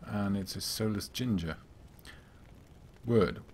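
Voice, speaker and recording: A slightly hoarse man giving casual, wry let's-play commentary as a gaming channel host. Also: fairly low pitch, slow, darkish tone, slight background noise. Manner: wry and offhand.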